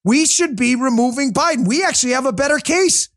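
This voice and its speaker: A man's voice: extremely high pitch, lively intonation, a little fast, fairly bright tone. A man hosting a livestreamed political commentary show, talking in a combative, sarcastic rant. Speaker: political talk show host.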